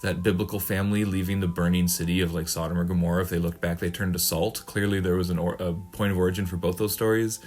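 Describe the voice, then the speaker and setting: A man's voice: sits low, fairly even intonation, fast talker, few pauses, a little mellow. A man hosting a podcast in casual chat, rambling, trailing off and restarting, and swearing freely. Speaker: podcast host.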